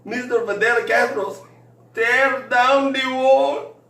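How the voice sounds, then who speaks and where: A man voicing a drunk, sentimental male restaurant boss. He drags the words out high and slow, as if crying. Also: steady tone, sharp tone, exaggerated voice. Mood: drunk, tearful. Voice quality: high, slow, drawn-out, tearful. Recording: roomy, from a distance.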